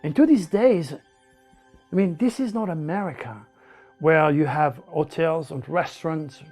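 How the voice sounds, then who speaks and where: A man with a French accent telling his life story in broken English, animated and repeating words as he goes. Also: on the high side, a little slow, soft background music. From France. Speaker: interviewee. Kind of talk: personal storytelling.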